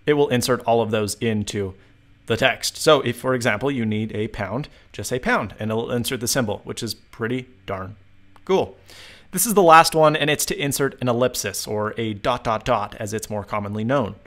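A young man hosting a tech tutorial. He explains phone dictation in an upbeat way and spells out the commands slowly. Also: medium pitch, a bit bright. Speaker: tech video host.

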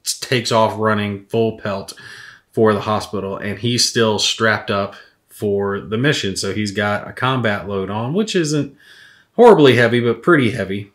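A man's voice: on the low side, normal speed. A man chatting casually while painting miniatures, rambling through stories and swearing freely. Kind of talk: casual rambling hobby chat.

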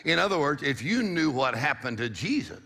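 A man's voice: on the high side, very animated, normal speed, pushed and bright, slightly rough. A middle-aged man preaching a sermon, exhorting the congregation with call-and-response and a repeated "come on".

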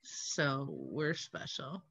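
A woman's voice: rumbling low, sing-song, extremely slow, a bit bright, dull audio, slight background noise. A woman co-hosting a casual chat, making dry wry quips. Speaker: co-host.

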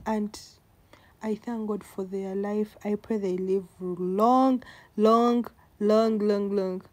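A woman's voice: mid-range voice, warm tone. A woman, talking to the camera in a casual vlog, heartfelt and emotional, repeating words for emphasis. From Uganda. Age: 20s. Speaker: vlogger.

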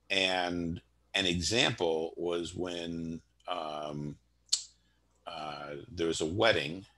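A man hosting a live online discussion, talking in a halting, conversational way. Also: low voice, a bit bright. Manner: conversational, halting, thinks aloud. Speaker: host, moderator.

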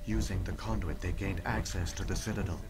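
An actor playing an ancient alien AI hologram, with a calm and measured, formal way of speaking. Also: male voice, low voice, gravelly. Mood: solemn. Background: game music.

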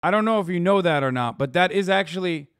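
A man streaming, reacting to videos in casual, profane, animated chat. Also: high voice, fast, dry recording, studio quality.

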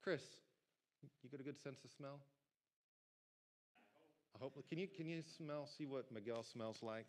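A male pastor preaching a sermon to a church congregation in a lively, conversational way, talking directly to the people in the pews. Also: mid-range voice, measured pace, long pauses. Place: church sanctuary.

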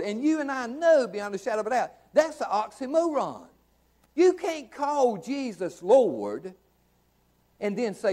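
A man's voice: extremely high pitch, lively intonation, moderate pace, a little mellow. A middle-aged man preaching a sermon in a church, folksy and emphatic, repeating phrases for effect. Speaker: pastor. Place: church sanctuary.

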